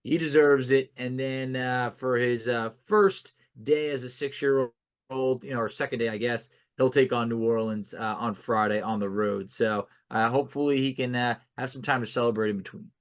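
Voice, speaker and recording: Guy cohosting a sports pod, rambly and self-deprecating, keeps restarting sentences, mid-pitched voice. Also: fairly even intonation, moderate pace, clean tone. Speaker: sports podcast co-host. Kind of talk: casual sports chat.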